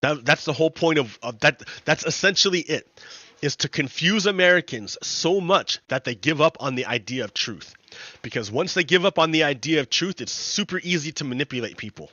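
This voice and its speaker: Man streamer, casual rambling talk with laughs, fairly high voice, close dry mic. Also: animated, brisk, pushed and bright, no echo, lo-fi sound. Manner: rambling, laughing, repeating himself. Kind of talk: casual livestream commentary.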